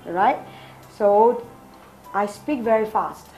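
A woman's voice: medium pitch, slow, dark tone, reverberant, faint music behind, low-quality recording. A woman teaching English in a classroom, prompting students with phrases and praising their answers.

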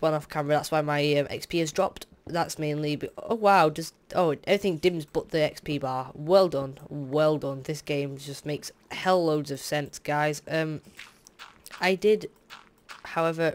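A man's voice: a little high, clear, resonant tone. A young man doing casual, rambling gameplay commentary as a Let's Play host. He is tired, fills the talk with "um"s, and drifts into candid asides. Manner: rambling and hesitant, full of fillers, candid asides. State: tired, yawning.

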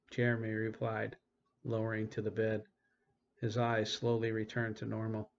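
A man's voice: fairly low pitch, little pitch movement, normal speed, darkish tone. Man narrating an audiobook, muffled. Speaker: author reading his own novel.

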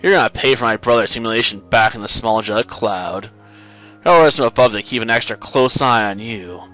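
A harsh, growling prison warden, as voiced by a man reading a game aloud. He sneers at prisoners with open contempt and menace. The voice has a bright, edgy sheen, with faint game music in the background. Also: fairly low pitch, a little fast, rough recording. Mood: menacing. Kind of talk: voicing game dialogue.

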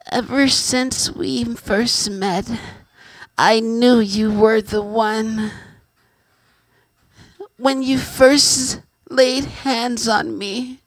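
A man voicing a lovestruck woman who slowly reads out a sentimental love letter. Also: high-pitched, fairly bright tone, no room sound, voice pushed up, heavily acted. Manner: slow, drawn-out sentimental reading.

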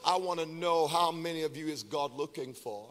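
A man preaching a sermon as pastor, swinging between quiet talk and chanted, shouted call-and-response. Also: fairly high pitch, moderate pace, long reverb tail.

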